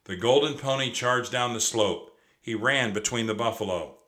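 A man's voice: mid-range voice, normal speed, fairly bright tone. A man reading a children's storybook aloud expressively, with occasional stumbles over words. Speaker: narrator.

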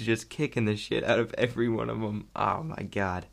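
A young man chatting casually about a movie he loved, rambling and excitable and laughing often. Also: fairly low pitch, moderate pace, creaky. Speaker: vlogger reviewing a movie. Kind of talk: casual chat.

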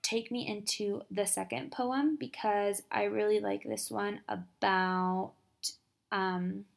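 A young woman hosting a podcast, giving a casual, upbeat motivational talk full of quick asides and filler words. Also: mid-range voice, fairly even intonation, vocal fry. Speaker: podcast host.

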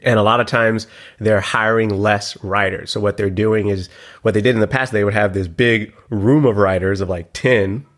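A man's voice: on the low side, fairly even intonation, normal speed, a bit bright. A man co-hosting a podcast in casual chat, explaining things in a loose, talkative way with lots of "like". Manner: chatty, explains things with frequent "like". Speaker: podcast co-host.

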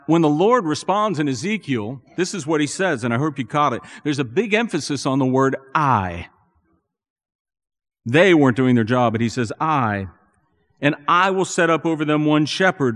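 A man preaching a sermon as a pastor, earnest and building to animated emphasis. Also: a little high, moderate pace. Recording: long reverb in a church hall.

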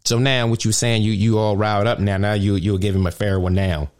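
A man hosting a podcast, ranting indignantly in casual, profane street slang, often jumping high with emphasis. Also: flat delivery, brisk, darkish tone. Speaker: podcast host.

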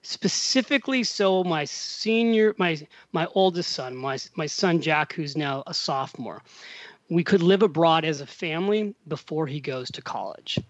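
A man's voice: fairly high pitch, normal speed, dry recording, dull audio. A middle-aged man, a podcast guest, telling a long story in casual conversation and acting out the quotes. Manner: animated storyteller, acts out quotes.

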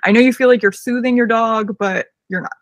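A woman's voice: a little high, fairly even intonation, brisk, no room sound. A young woman, a dog trainer co-hosting a podcast, explaining things in a confident, casual way.

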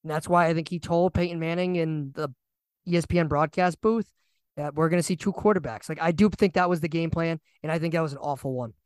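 A young man co-hosting a casual sports podcast, animated and ranting, often repeating himself. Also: on the high side, fast talker, clean tone, no room sound. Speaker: podcast co-host.

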